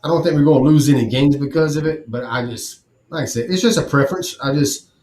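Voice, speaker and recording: Casual sports podcast co-host, man, blunt and profane, slightly high voice, echoey room. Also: fast talker. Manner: profane, blunt, animated storytelling. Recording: roomy echo.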